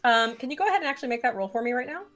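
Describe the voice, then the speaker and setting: A woman game master narrating a tabletop game in a brisk, chatty way. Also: on the high side, expressive, a bit bright.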